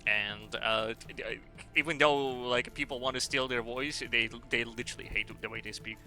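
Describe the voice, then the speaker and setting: A man's voice: medium pitch, steady tone, moderate pace, sharp tone, soft background music. A man streaming a game and chatting casually in a rambling, sweary, joking way. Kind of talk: casual chat while gaming.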